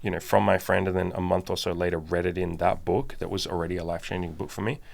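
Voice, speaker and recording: Low, gravelly-voiced man chatting candidly. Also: level tone, quick pace. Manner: candid, emphatic, swears casually. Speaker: podcast co-host. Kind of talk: casual chat.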